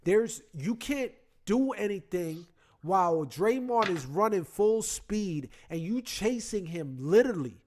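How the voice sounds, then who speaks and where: A man hosting a casual sports chat, talking into his computer, retelling the game in animated, slangy detail. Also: high-pitched, measured pace, a little hiss or hum. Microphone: computer mic.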